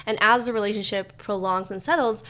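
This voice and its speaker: A woman's voice: medium pitch, steady tone, brisk, fairly bright tone. A woman hosting a podcast, talking in a casual, reflective way with frequent fillers and restarts. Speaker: podcast host. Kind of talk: casual conversation.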